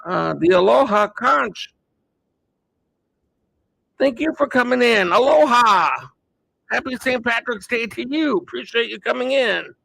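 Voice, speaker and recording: A man's voice: very high voice, lively intonation, measured pace, creaky, pauses often, bright, forceful tone, dry recording. A man hosting a casual livestream, chatting with viewers by name and calling a mock race. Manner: chatty, greets viewers by name, thinks aloud. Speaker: livestream host.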